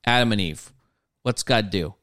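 A man co-hosting a casual faith podcast, explaining thoughtfully and asking gentle, probing counseling questions, at times poking fun at himself. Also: fairly low pitch, moderate pace, no echo, studio quality.

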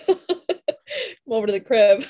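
A woman co-hosting a podcast who teases her co-host with quick, laughing remarks. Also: on the high side, mellow. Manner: teasing, quick-witted, laughing. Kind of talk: casual chat.

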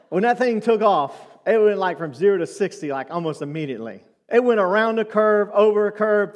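A man's voice: sits high, in a large hall. A man preaching a sermon, telling stories and asking asides of the congregation in a church. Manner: storytelling, conversational with asides to the congregation. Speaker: pastor. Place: church sanctuary.

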